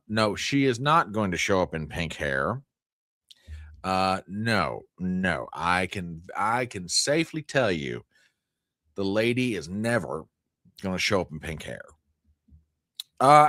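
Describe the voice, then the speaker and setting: A man's voice: deep voice, fairly bright tone, no room sound, studio quality. A man hosting a live news stream, joking with his chat in exaggerated mock outrage. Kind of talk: joking livestream commentary.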